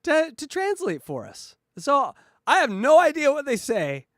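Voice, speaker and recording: A man co-hosting a comedy podcast, riffing loudly and mockingly over clips with jokey commentary. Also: extremely high pitch, wildly swooping pitch, a little slow, dry recording, studio quality. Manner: loud, mocking, jokey fake translations.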